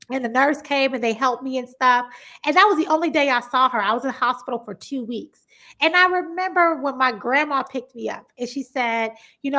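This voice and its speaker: Her voice is high and brisk as this Compton, Los Angeles podcast host chats in a casual interview. She's an animated storyteller who acts out the voices in her quotes.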